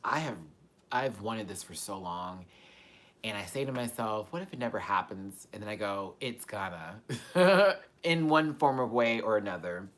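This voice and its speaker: A man hosting a casual live-stream Q&A, talking candidly and swearing freely, with loud animated bursts that drop to soft, quiet asides. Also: fairly low pitch, normal speed. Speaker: YouTube host answering viewer questions.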